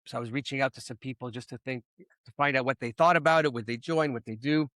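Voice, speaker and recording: A man's voice: medium pitch, fairly even intonation, fast talker, a bit bright, no room sound. A middle-aged man from Canada hosting a podcast, ranting bluntly and swearing in casual chat. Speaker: podcast host.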